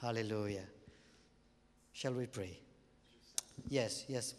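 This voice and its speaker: A man preaching, telling a deliverance story with sudden loud exclamations and quiet drops, then leading a fervent prayer. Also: a little high, animated, a little slow, pauses often. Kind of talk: sermon with testimony and prayer. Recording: long hall reverb.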